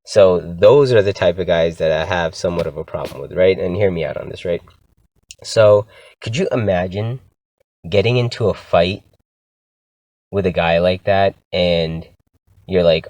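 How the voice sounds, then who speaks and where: A man's voice: sits low, normal speed, a little mellow, no room sound. A young man hosting his own podcast and ranting casually and with exasperation about his pet peeves. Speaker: podcast host. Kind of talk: casual solo rant.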